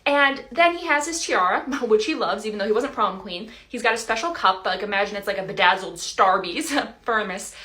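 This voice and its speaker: A woman's voice: mid-range voice, lively intonation, normal speed, few pauses, pushed and bright. Chatty young woman joking around. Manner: chatty and playful, heavy on filler words like "like" and "you know". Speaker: TikTok creator. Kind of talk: casual comedic monologue.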